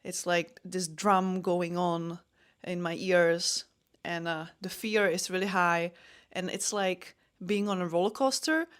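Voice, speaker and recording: A woman's voice: on the low side, fairly even intonation, takes it slowly. A young adult woman, a podcast host and MMA fighter, telling a personal story in a candid, self-deprecating way with frequent restarts.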